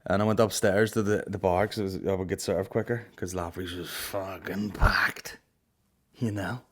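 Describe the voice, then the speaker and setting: A man's voice: low voice, steady tone, moderate pace. A young man hosting a comedy podcast, telling stories in a sweary, sarcastic way. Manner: sweary, sarcastic, acts out voices. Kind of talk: casual storytelling chat.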